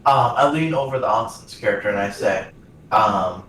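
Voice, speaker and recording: A man's voice: fairly low pitch, normal speed, fairly bright tone. A man playing a tabletop game, plotting schemes hesitantly with many fillers. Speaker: player. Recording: very echoey room, far from mic, faint noise.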